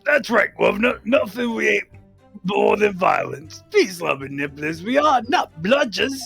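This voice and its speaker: Shifty Cockney thief, man voicing, put-on Cockney accent, sing-song pitch, faint music behind. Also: expressive, normal speed, creaky, fairly bright tone, slightly rough, exaggerated voice. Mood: cheeky. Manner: exaggerated, breezy denials. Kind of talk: fan voice-over reading of a game.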